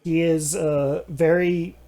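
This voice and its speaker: A man narrating an online tabletop game as game master, halting and restarting often. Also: a little high, flat delivery, creaky, warm tone. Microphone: headset or desk mic on voice chat.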